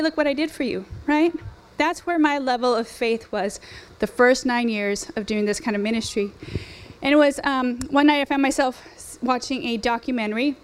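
A high-pitched woman in her forties preaches to a women's gathering. She talks in an earnest, conversational way, mixing in fillers and rhetorical questions as she shares her testimony. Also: clear, resonant tone. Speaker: speaker at a women's ministry event. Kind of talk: sermon with personal testimony.

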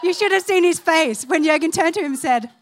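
A woman's voice: very high voice, a little fast, a little hiss or hum. A woman preaching a sermon, telling funny stories, laughing along and calling on the congregation to respond. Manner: animated, humorous, laughing through stories. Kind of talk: sermon with storytelling.

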